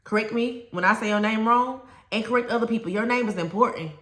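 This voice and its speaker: A woman's voice: a little high, fast talker, fairly bright tone, roomy sound. A woman, a former teacher, giving conversational classroom advice to other teachers, telling stories and repeating key points for emphasis.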